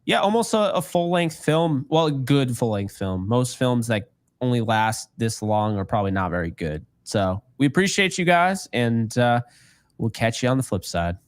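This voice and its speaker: A man's voice: medium pitch, big pitch swings, moderate pace, no room sound. A man co-hosting a casual podcast, joking and rambling, laughing often. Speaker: podcast co-host. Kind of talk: casual chat.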